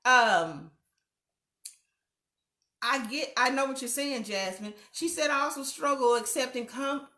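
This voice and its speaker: Lively affirming woman hosting a live chat. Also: high-pitched, moderate pace, few pauses, echoey room. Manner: warm, affirming, playful, laughs often. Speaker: host of a live online talk show. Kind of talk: live-stream chat reading viewer comments.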